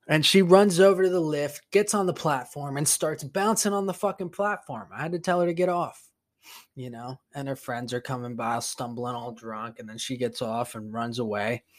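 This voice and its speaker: A man's voice: medium pitch, moderate pace. A man hosting a podcast, telling a rambling, profane story in a casual monologue, sounding exasperated. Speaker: podcast host.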